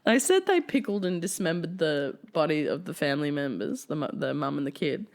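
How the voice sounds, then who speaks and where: A woman's voice: deep voice, lively intonation, fairly quick. A woman hosting a casual true-crime podcast, swearing freely and laughing through the grim details. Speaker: podcast host telling a true-crime case.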